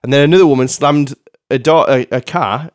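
A man's voice: medium pitch, a little fast, clear, resonant tone, no echo, clean studio sound. A man from England, a podcast co-host in a casual chat, telling stories and acting out the people in them. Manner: animated storyteller, acts out the people in his tales.

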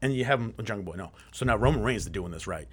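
A man in casual podcast chat about wrestling, excitable and enthusiastic. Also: fairly low pitch, very fast, slightly rough.

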